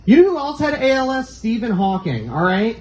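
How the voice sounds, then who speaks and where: A man with a high voice doing stand-up on a club stage. He is brash and crude, and his pitch jumps between high and low. The room is roomy and echoes. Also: big pitch swings, brisk, slight background noise. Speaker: stand-up comic. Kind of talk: stand-up set.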